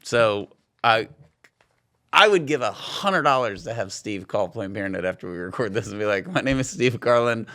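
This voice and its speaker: A man's voice: on the low side, normal speed, sharp tone. A man hosting a podcast in casual chat, joking with an incredulous tone. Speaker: podcast host.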